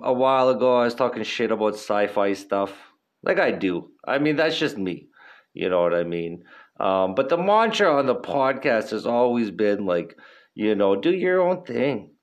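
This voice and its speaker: A young man talks loosely into his podcast mic, cursing freely and circling back with "you know what I mean". His voice sits at an ordinary middle pitch, and his delivery stays relaxed and unscripted. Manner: profane, laid-back rambling with lots of fillers. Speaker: podcast host. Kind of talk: casual solo podcast talk.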